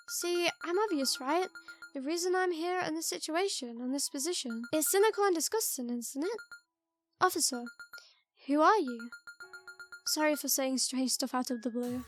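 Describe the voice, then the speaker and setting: Woman reading as a quiet eerie murder suspect. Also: very high voice. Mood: curious. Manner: soft, quiet, hesitant delivery. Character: soft-spoken young woman murder suspect, eerie and gentle. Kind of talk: reading a visual novel aloud.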